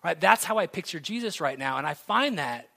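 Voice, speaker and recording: Bright-voiced man preaching a sermon. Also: fairly high pitch, fairly quick, vocal fry. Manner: conversational, earnest, builds to excitement. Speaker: pastor.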